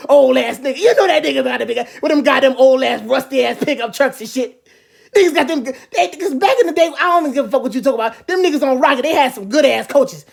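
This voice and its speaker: A woman comedian doing a loud, profane comedic rant, full of animated asides and quick impressions. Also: high voice, vocal fry. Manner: animated, profane, jumps into mimicry. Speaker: comedian vlogger.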